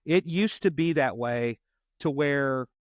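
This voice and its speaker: A man with a voice of ordinary middle pitch tells a long story in an earnest way and doubles back on his words. The sound is dry and close, with no room around it. He talks like a police officer chatting on a podcast. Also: slow, no room sound. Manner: earnest, repeats words while retelling a story. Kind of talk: conversational storytelling.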